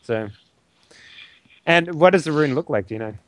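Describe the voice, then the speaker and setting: A man's voice: fairly high pitch, expressive, moderate pace. A man playing in an online tabletop game, talking casually with many fillers and restarts. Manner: rambling, hesitant, lots of fillers. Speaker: player.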